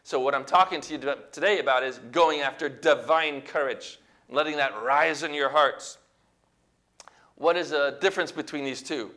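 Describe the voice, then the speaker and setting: A male preacher delivering a sermon in a high, bright, forceful voice. He preaches emphatically, pushing up to loud exclamations, and has the congregation repeat words back to him.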